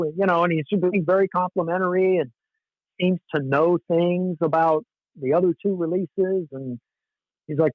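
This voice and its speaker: On a podcast, a man in his forties from Southern California casually shares stories, laid-back and self-mocking, frequently laughing at his own expense. His voice is on the high side at a moderate pace, in dull, dry lo-fi audio.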